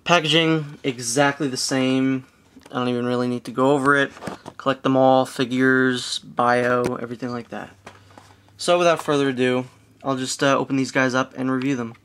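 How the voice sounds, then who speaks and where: Male toy reviewer, average pitch, laid-back and hesitant, casual delivery. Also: moderate pace, clean tone. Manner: hedging, relaxed, with frequent fillers.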